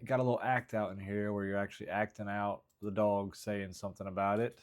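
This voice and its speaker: A man in a casual vlog, talking haltingly about his stand-up material and second-guessing his own jokes. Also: on the low side, flat delivery. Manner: halting, rambling, self-critical, frequent restarts. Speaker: stand-up comedian.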